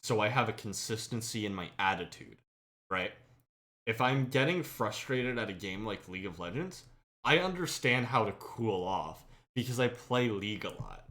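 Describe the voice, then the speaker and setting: Male podcast host, bright and forceful tone, animated storyteller who voices the quotes. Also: lowish voice, normal speed. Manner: animated, acts out friends' lines loudly, laughs. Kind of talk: casual storytelling chat.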